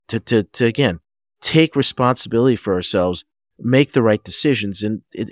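Low-voiced halting doctor, a man. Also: dry recording, studio quality. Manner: halting, frequent restarts and fillers. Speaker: guest physician, medical director. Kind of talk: interview answers.

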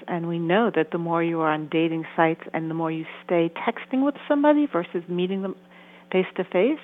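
A woman therapist and author giving earnest interview answers, sometimes acting out the voices she quotes. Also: fairly low pitch. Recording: tinny phone-like sound.

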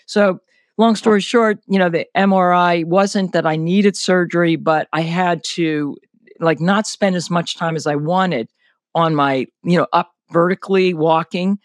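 A man's voice: sits high, dry recording, studio quality. An older man, a senior athlete, telling his story in an interview in a candid, detailed way, with plenty of "you know" and "like". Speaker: guest, senior athlete recounting an injury. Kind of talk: conversational interview.

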